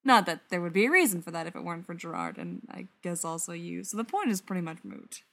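A woman voicing an overjoyed young man in a story reading, rambling quickly and excitedly. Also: fairly low pitch, gravelly, exaggerated voice.

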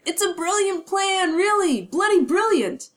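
A woman voicing an excitable, hot-headed teenage schoolboy wizard in an amateur audio drama, talking loud and eager. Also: very high voice, a little slow. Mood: indignant.

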